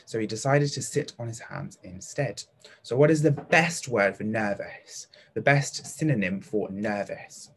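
A man's voice: lowish voice, unhurried, husky. A young British man teaching a live online lesson to children, cheerfully praising pupils by name in a chatty way with plenty of fillers. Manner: upbeat and encouraging, reads out pupils' answers by name.

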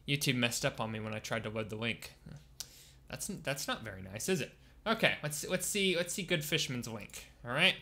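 A man giving casual let's-play commentary as a gaming YouTuber, excitable and swinging from quiet mutters to loud bursts. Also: medium pitch, moderate pace.

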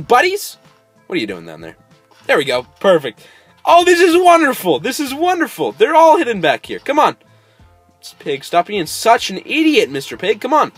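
A man giving casual let's-play commentary, coaxing animals and bursting into sudden excited squeals. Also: high voice, husky, dry recording. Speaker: gameplay host.

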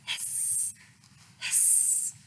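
A woman voicing a mischievous male triangle in a storybook, speaking in hushed, scheming whispers. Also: very slow, very noisy.

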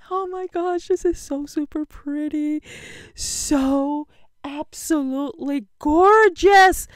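In a studio-quality, dry recording, a paper crafting vlogger from the United States unboxes a craft swap, her casual chat to camera full of giddy gushing, exclamations and laughter. She speaks slowly in a high-pitched voice.

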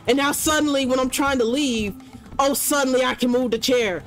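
A woman gamer doing let's-play commentary at a desk mic, excitable, yelling commands at the game and bantering in casual slang. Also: sits high, brisk, soft background music.

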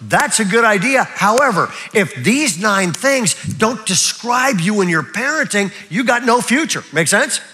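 An older man preaching in a church, his voice pitched high for a man and ringing bright and forceful. He talks to the crowd in a loose, conversational way, often stopping to check that they are with him. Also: a little slow, hardly any pauses. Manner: lively, chatty preaching with frequent check-ins. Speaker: pastor. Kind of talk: live sermon. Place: church auditorium.

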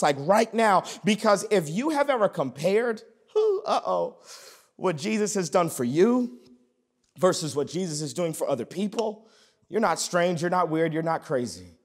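A man in his thirties preaching a sermon in a lively, comic way, acting out little scenes with voices. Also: sits high. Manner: animated, comic, acts out voices. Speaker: pastor. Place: empty building, no audience present.

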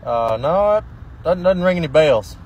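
A man's voice: a little high, lively intonation, moderate pace, darkish tone. A man playing a job site boss in a comedy sketch, evasive and hesitant, stalling with fillers.

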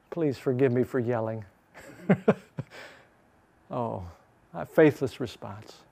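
A man teaching a Bible class, repeating scripture phrase by phrase with slow emphasis, then explaining in a quick, lively way. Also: medium pitch, gravelly. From Chicago.

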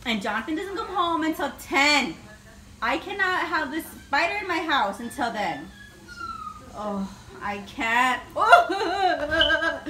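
A woman's voice: fairly high pitch, fairly bright tone, a little hiss or hum. A woman vlogging on her phone at home, panicky and exclaiming with nervous laughter. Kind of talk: casual vlog to camera. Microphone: phone camera. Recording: echoey room.

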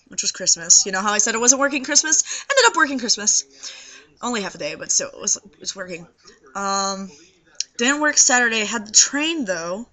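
A young trans man with a high voice and a scratchy throat, rambling tiredly to the camera in a casual video diary. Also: pushed and bright. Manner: rambling, tired, many fillers. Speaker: video blogger. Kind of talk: casual vlog monologue.

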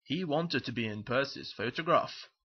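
Husky man reading a picture book. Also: mid-range voice, normal speed, dull audio. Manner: lively, expressive storytelling. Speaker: storybook narrator.

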